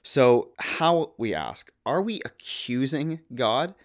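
An earnest man in his thirties talks casually about faith with a co-host. His voice sits at an ordinary middle pitch, and he quotes Scripture with quiet conviction. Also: sing-song, slow. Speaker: podcast co-host, father. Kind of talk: casual theological discussion.

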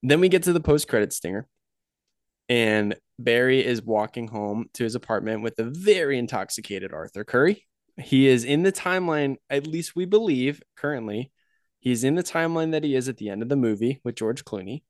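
This podcast co-host speaks at a medium pitch with an animated delivery, yet stays measured while he casually walks through how a movie ends and reads quotes from a review. The audio is studio quality with no echo.

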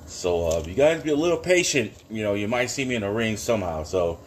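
A man's voice: fairly low pitch, lively intonation, quick pace, a little hiss or hum. A man hosting a casual solo podcast from his kitchen, rambling and swearing, breaking into bursts of laughing outrage. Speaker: podcast host. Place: home kitchen.

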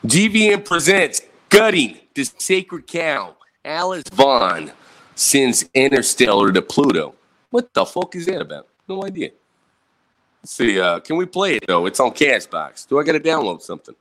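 A man hosting a podcast in casual, profane, excitable chat. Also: mid-range voice, normal speed. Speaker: podcast host.

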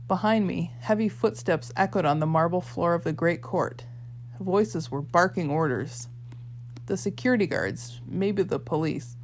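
A woman narrating an audiobook in first person, her voice sitting a little low. She reads expressively, moving between a boy's and a girl's voices. A faint hum runs under the recording. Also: a little mellow.

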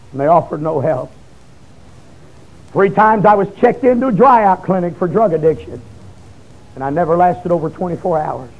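A man, giving a fiery testimony sermon that swings into shouted, pleading bursts. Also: high-pitched, dull audio.

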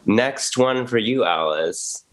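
A man's voice: medium pitch, lively intonation, slow, slight background noise. A man co-hosting a podcast, reading out quiz questions with dry, teasing humor. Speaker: co-host and quiz master. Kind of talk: casual podcast chat.

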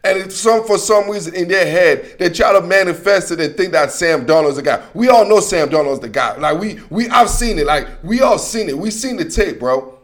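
A man hosting a casual football opinion monologue, animated and slangy, repeating himself and talking straight at the people he criticizes. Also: high voice, fairly quick. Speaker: sports commentary host.

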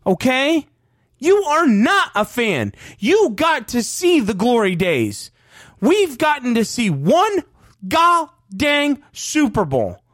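A man's voice: very high-pitched, sing-song, slow pace, a bit bright, no room sound, clean studio sound. A man in his thirties ranting on a fan sports podcast, profane and heated. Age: 30s. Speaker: podcast co-host.

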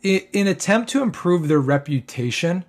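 A podcast host with a high voice and lively intonation rambles through a casual solo show at a moderate pace. He leans on fillers and keeps tagging "okay?" onto his sentences, and his voice is wearing out as he loses it.

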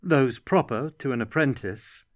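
An earnest young apprentice woman, pleading and quick to defend herself, as a male storyteller puts her on. Her voice sits noticeably higher than his own, in a dry, close audiobook recording. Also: no room sound, natural voice. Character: young female wizard's apprentice, earnest and defiant.

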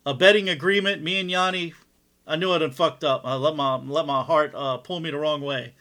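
A man's voice: on the high side, steady tone, a little fast, pushed and bright. A middle-aged man co-hosting a casual fight podcast, telling stories in a laid-back, chuckling way. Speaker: podcast co-host. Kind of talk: casual MMA chat.

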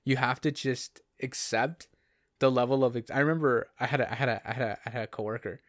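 A man's voice: medium pitch, steady tone, fast talker, a bit bright, no room sound, studio quality. A young man from Canada, co-hosting a podcast in casual chat, rambling through stories with many restarts. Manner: rambling storyteller, many restarts, laughs often. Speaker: podcast co-host.

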